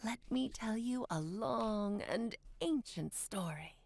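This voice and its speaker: A woman's voice: on the high side, animated, takes it slowly, vocal fry, a little mellow, no echo, heavily acted. A woman voicing a playful, grand witch and mother in a dubbed video game. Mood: amused.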